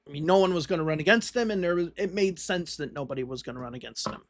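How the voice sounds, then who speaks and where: A man's voice: on the high side, quick pace, noisy background. A man hosting a livestream, casually commenting on election results and thinking aloud with frequent restarts. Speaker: livestream host.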